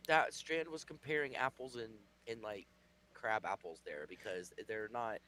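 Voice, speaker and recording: A man's voice: fairly low pitch, animated, normal speed, sharp tone, rough recording. A man co-hosting a casual TV recap podcast, building his argument step by step. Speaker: podcast co-host.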